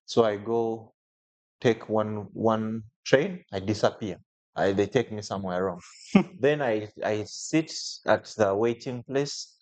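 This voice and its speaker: A man telling a personal story as a podcast guest, animated, with frequent restarts and jumps in pitch when quoting others. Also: slow pace.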